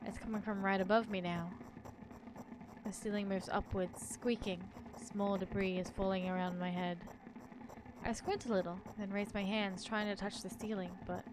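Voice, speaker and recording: A woman's voice: mid-range voice, level tone, normal speed, background noise. A woman streamer reading a horror story aloud in the first person, with joking asides.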